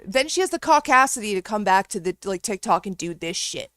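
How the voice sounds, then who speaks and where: A woman's voice: mid-range voice, big pitch swings, a little fast, few pauses, a bit bright, no echo, studio quality. A woman delivering an angry, sarcastic, profane reaction rant over clips she plays.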